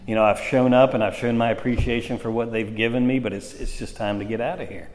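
At a meeting, a man shares his recovery story in a casual, rambling, conversational way, with frequent fillers. He has a mid-range, darkish voice with fairly even intonation and a quick pace, heard through long hall reverb.

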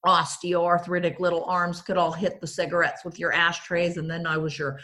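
A woman's voice: lowish voice, level tone, moderate pace, pushed and bright. A woman sharing her recovery story at a meeting, self-mocking and funny, and she keeps addressing the room directly. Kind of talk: humorous personal testimony at a recovery meeting.

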